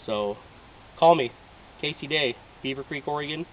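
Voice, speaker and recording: A man's voice: on the high side, moderate pace. Man, late 30s, heartfelt applicant, distant muffled camcorder sound with faint hiss. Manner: emotional, heartfelt. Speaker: reality show applicant. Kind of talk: earnest personal appeal. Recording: distant, dull home video audio.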